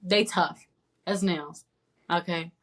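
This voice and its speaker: A woman co-hosting a podcast, talking in a blunt, profane, animated rant. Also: fairly low pitch, slow. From not from the American South. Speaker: podcast co-host. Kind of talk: casual chat.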